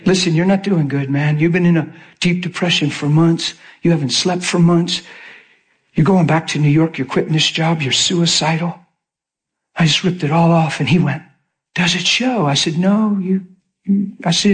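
A man's voice: on the high side, moderate pace. A middle-aged male pastor preaching in storytelling style, acting out the voices of people he quotes. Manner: animated, acts out quoted voices. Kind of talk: sermon storytelling.

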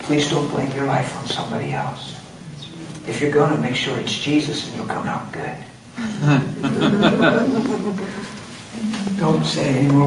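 A man's voice: on the high side, sing-song, unhurried, pauses often. A man preaching a sermon, telling a story with emphasis and acting out the quotes. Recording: roomy hall, distant mic, background noise.

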